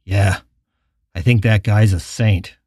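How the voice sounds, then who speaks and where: A man voicing a shaken man on the run who talks quietly and subdued. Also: on the low side, fairly even intonation, slow pace, husky, no echo, clean studio sound.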